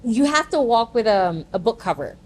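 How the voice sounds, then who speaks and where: Chatty, higher-voiced woman podcast host. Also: big pitch swings, moderate pace, a little mellow, husky. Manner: chatty, affirms often, laughs readily. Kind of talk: casual chat.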